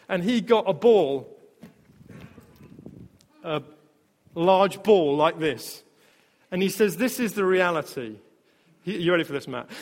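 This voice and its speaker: A male pastor with a high voice preaches to his church, telling stories with energy and laughing along the way. His voice rings through a hall with a long reverb. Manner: storytelling, animated, laughs often. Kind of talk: sermon.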